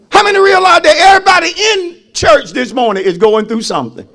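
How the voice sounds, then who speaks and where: A man preaching as a pastor, calling out to the congregation and rising to shouted peaks. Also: very high voice, fairly quick, vocal fry, few pauses, some chatter behind. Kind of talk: sermon.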